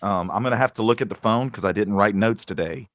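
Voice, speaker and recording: A man's voice: lowish voice, quick pace, no echo, studio quality. A man co-hosting a podcast, chatting casually and rambling through stories with lots of fillers. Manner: rambling, laid-back storytelling with many fillers. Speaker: podcast co-host. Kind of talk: casual chat.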